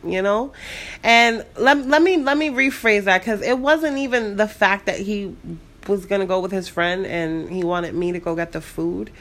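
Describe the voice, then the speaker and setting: A young woman with a New York City accent, rambling through a story in a casual, animated way and swearing freely. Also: mid-range voice, moderate pace. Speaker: vlogger.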